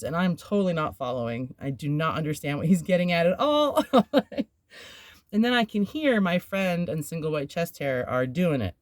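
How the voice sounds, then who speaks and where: A woman's voice: sits low, a little mellow, dry recording, clean studio sound. A woman hosting a podcast, telling a personal story in a candid, rambling way, with filler words and nervous laughs. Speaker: podcast host.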